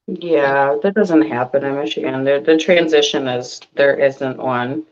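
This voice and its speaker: A woman's voice: very deep voice, measured pace, a little mellow, highs cut off. A woman co-hosting a casual online chat show, ranting animatedly and swearing a lot. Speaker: podcast co-host.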